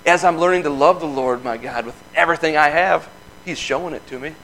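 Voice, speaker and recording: A man in his thirties shares a personal testimony like a casual sermon. He talks in a folksy, earnest way and breaks into easy laughs, with his voice sitting a little higher than most men's. A faint hum runs under the recording. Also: brisk, a bit bright, low-quality recording. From Michigan. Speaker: lay speaker giving testimony.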